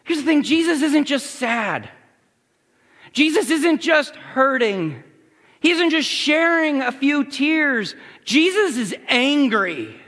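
A man with a high voice preaches a sermon to his congregation. His delivery swings from quiet scripture reading to near-shouted emphasis, and a long reverb of a large hall trails every phrase. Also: big pitch swings, takes it slowly. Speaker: pastor.

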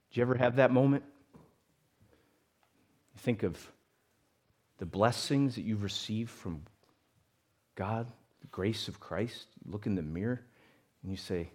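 A man preaching a sermon to a congregation, moving between loud emphatic lines and quiet conversational asides. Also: on the low side, unhurried, long pauses. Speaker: pastor.

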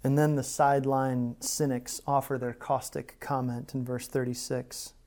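A man preaching a sermon as pastor, earnest and conversational, moving between hushed moments and emphatic stretches. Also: medium pitch, little pitch movement, measured pace. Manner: conversational asides to the congregation.

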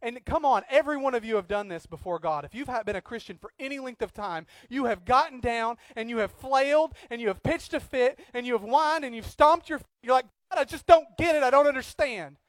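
A man preaching a sermon as pastor, swinging from loud acted outbursts to quiet earnest talk. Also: very high voice, a little fast, few pauses, no room sound.

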